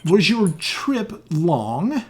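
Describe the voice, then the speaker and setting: A man playing a slow, courteous ancient elf. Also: high voice, big pitch swings, pitched above the performer's own voice, exaggerated voice. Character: kindly very old male elf ambassador.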